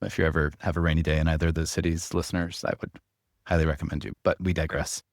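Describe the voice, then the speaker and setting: Deep voiced guy talking fast on a podcast, lots of restarts, dry close mic. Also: no echo. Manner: fast, energetic talker with many restarts and "like"s. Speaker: company co-founder and guest. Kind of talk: casual interview chat.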